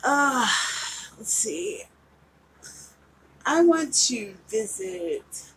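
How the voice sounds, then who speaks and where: A woman's voice: medium pitch, expressive, slow, long pauses, fairly bright tone, a little hiss or hum, rough recording. A woman in her forties from West Virginia, an author chatting casually with viewers during a live writing session, giggly and rambling. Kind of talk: casual livestream chat.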